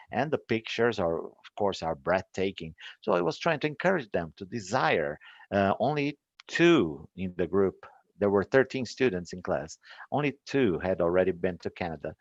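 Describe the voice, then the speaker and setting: A man's voice: fairly low pitch, dry recording, muffled recording. Brazilian man recounting an English lesson. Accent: Brazilian Portuguese. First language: Portuguese. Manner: relaxed, chatty, with frequent fillers and little laughs. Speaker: English teacher.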